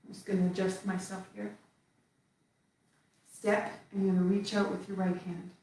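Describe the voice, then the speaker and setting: A woman teaching a qigong form, calmly cueing each step as she moves through it. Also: medium pitch, normal speed. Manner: calm step-by-step cueing while moving. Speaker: qigong instructor. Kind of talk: guided movement class. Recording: echoey room from far off.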